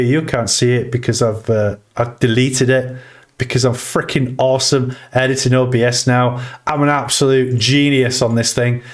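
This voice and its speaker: Excitable man hosting a crypto stream. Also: medium pitch. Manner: excitable, swings between chart talk and shout-outs to chat. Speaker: crypto livestream host. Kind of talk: casual livestream chat.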